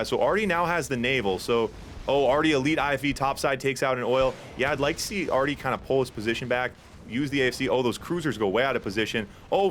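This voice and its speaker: A lower-pitched man commentates a competitive strategy game match with relaxed, filler-laden chatter. His voice jumps up in excitement at big plays. A faint hiss of noise sits behind his mic. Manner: casual, chatty with filler words. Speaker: tournament caster. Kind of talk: esports play-by-play commentary.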